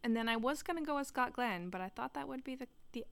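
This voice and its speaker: A woman's voice: on the high side, lively intonation, quick pace, vocal fry, a bit bright, smooth. A woman co-hosting a podcast in casual chat, dropping short dry quips and agreeing along. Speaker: podcast co-host.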